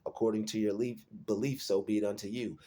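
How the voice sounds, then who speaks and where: Male host, lowish voice, earnest solo motivational talk that repeats points to drive them home. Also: fairly even intonation, brisk, warm tone. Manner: earnest, repetitive, restates lines for emphasis.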